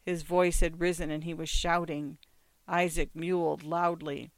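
An audiobook reader narrating short stories in an even, measured reading. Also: medium pitch, no echo.

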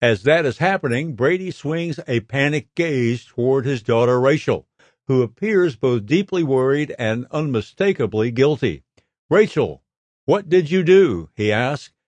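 A man reads entertainment news straight from a script in a middle-pitched voice. His delivery is steady, lifting slightly when he quotes a line. The recording is dry and close, with no room around it. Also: moderate pace, dry recording. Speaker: soap news reader.

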